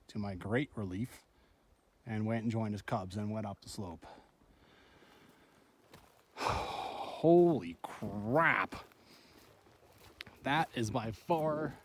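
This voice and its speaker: With a faint hiss or hum behind him, a middle-aged man talks in a medium-pitched voice into his handheld camera during a solo backpacking trip on a mountain trail. He rambles and swears, shaken and breathless, as he retells a bear encounter.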